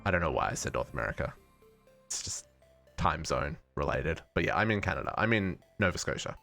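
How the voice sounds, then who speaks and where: A man's voice: extremely low pitch, animated, fairly quick, creaky, bright, forceful tone, soft background music. A man with an Australian accent streaming a modded game, thinking aloud and correcting himself as he chats with viewers. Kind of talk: casual live-stream gaming chat.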